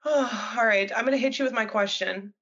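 A woman in her twenties co-hosting a casual chat, teasing her friend with quick banter. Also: fairly high pitch, a bit bright, husky. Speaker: co-host. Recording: dull lo-fi sound.

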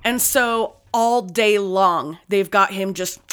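A woman talks movies casually and bluntly, swearing often. Her voice is bright and sharp-edged, and she speaks in plain, punchy phrases. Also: medium pitch, slow pace, clear, resonant tone. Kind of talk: casual chat.

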